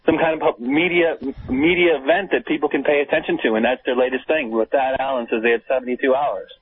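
A man's voice: mid-range voice, fairly even intonation, quick pace, a little hiss or hum. A man co-hosting a casual political talk radio chat, sardonic and conspiratorial. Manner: sardonic, conspiratorial, talks over his cohost. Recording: tinny phone-line sound.

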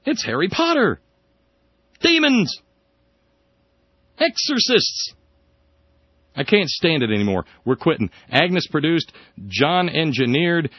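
A man hosting a satirical talk radio show, sarcastic, often jumping into high mocking tones. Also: sing-song, normal speed, breathy edge, no room sound. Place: radio studio. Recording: dull dry radio broadcast.

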